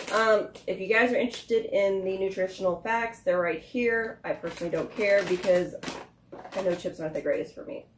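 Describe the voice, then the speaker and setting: A young woman hosting a casual food review vlog, chatty and quick to laugh at herself. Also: mid-range voice. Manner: chatty, laughs often, pokes fun at herself. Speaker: food vlogger. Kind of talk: casual chat. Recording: echoey room, faint noise.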